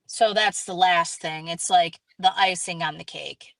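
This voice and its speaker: A woman hosting a casual live stream, telling a story in an animated way, acting out quoted dialogue and greeting viewers as she goes. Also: on the low side, creaky, no echo, rough recording.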